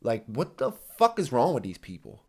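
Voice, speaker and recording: A man's voice: medium pitch, wildly swooping pitch, normal speed, gravelly, warm tone, breathy edge. A man hosting a reaction video, ranting heatedly and sarcastically with constant swearing and mocking asides. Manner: mimics others in exaggerated voices. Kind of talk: profane ranting commentary.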